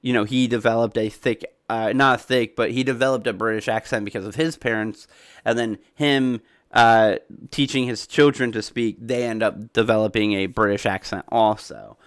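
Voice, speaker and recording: A man with a softened Southern US accent, chatting casually on a livestream, rambling with lots of fillers and sudden excited jumps in pitch. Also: normal speed, clear, resonant tone, no echo, studio quality. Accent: Southern US, softened toward neutral American. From Southern United States. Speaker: streamer answering chat.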